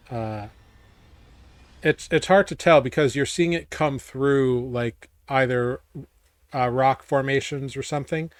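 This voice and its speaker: A man narrating as game master in a tabletop game, describing scenes in a halting way full of fillers. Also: mid-range voice, dry recording.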